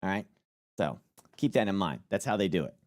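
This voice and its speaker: Lively, dry-voiced man streaming. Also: deep voice, brisk, no echo. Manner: rambling, joking, swears freely. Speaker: streamer reacting to a news clip. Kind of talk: casual live-stream commentary.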